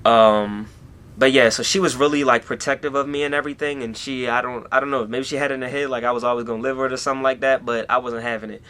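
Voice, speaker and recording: A man's voice: medium pitch, fairly even intonation, fast, fairly bright tone. A young man talking through a personal story on his vlog, rambling along with plenty of "you know" and "like" in a casual way. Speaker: YouTuber.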